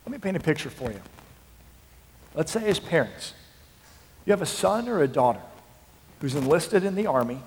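A male pastor preaching a sermon, dropping to a hush and then rising to passionate shouting. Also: on the high side, slight background noise. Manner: swings from hushed to impassioned shouting. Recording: long hall reverb.

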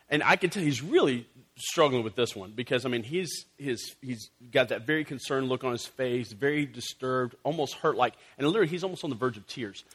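A man preaching a sermon as a pastor to his church, telling a story in a conversational, animated way, with fillers and asides. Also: mid-range voice, slightly rough. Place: church service.

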